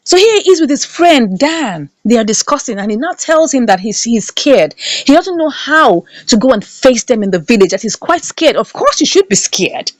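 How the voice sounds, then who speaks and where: A woman's voice: on the high side, very animated, normal speed, few pauses, no echo. A woman recapping a film, commenting in an indignant, emphatic way and repeating lines for effect. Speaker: movie reviewer. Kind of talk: animated movie recap and commentary.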